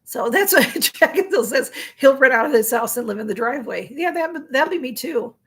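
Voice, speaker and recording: A middle-aged woman with a Chicago accent hosts a live stream in a casual, rambling chat, reading out viewer comments, her voice going a little hoarse. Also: high voice, expressive, normal speed. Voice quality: rambling, chatty, with frequent fillers and restarts. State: voice getting hoarse.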